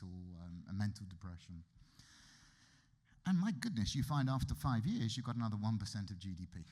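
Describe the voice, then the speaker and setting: Lively British man giving a keynote. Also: lowish voice. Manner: lively, wry and conversational, with emphatic asides. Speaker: keynote speaker. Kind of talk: conference keynote lecture. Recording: reverberant hall.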